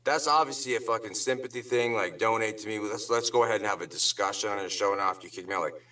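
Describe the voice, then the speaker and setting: A man's voice: on the low side, quick pace, bright, forceful tone. Swearing, ranting man far from the mic. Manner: angry, sarcastic, swears constantly, loose slangy talk. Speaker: guest on a drama talk show. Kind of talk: heated profane rant.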